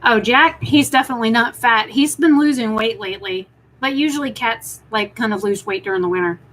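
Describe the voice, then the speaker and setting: A woman's voice: a little high, a little fast, a bit bright, poor audio. A woman chatting casually on a live stream from home, rambling with restarts and talking to viewers. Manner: chatty, rambling, talks to her cat in baby talk.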